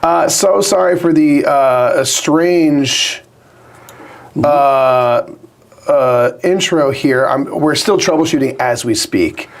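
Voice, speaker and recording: A man co-hosting a live board game stream in casual, self-deprecating chat, his voice hoarse after being ill. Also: a little high, slow pace. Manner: chatty, self-deprecating, troubleshooting aloud.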